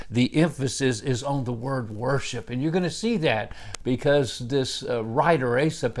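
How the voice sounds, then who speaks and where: A man giving a daily Bible devotion as a pastor, with a middle-pitched voice. He talks earnestly and unhurriedly, and leans hard into single words for emphasis. Small "uh" fillers run through his teaching.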